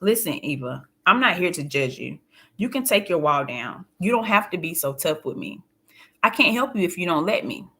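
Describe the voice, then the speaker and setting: A calm, probing woman counselor, gently coaxing with question after question, as a woman reads her in an audiobook. The tone stays bright and clear. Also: fairly low pitch, normal speed, heavily acted. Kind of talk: audiobook narration.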